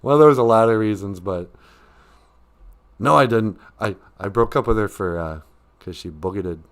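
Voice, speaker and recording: A man's voice: fairly low pitch, moderate pace. An older man hosting a casual live stream about Ojibwe, rambling and joking, often breaking into laughs. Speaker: host teaching Ojibwe.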